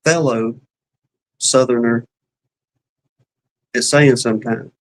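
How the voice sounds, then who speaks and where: A man's voice: medium pitch, fairly even intonation, takes it slowly, poor audio. A man with a Southern US accent co-hosting a casual beekeeping live chat, talking in a folksy, rambling way with plenty of fillers. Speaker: beekeeping livestream co-host.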